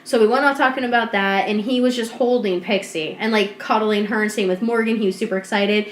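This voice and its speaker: A woman co-hosting a podcast, telling a story in casual chat, animated and swearing, acting out what people said. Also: mid-range voice, a little fast. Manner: animated, swearing, acts out quotes. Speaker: podcast co-host. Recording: roomy echo.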